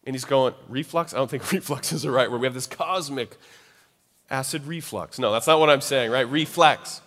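A man's voice: medium pitch, fairly quick, a bit bright. A man preaching a sermon in a loose, conversational way. He acts out quoted voices and keeps checking in with "right?". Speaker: pastor. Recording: long hall reverb.

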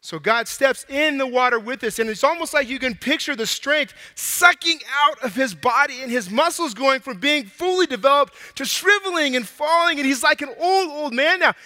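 Man, casual animated sermon, very high voice, out of breath, long hall reverb. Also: normal speed, hardly any pauses. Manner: animated, casual slang, acts out dialogue.

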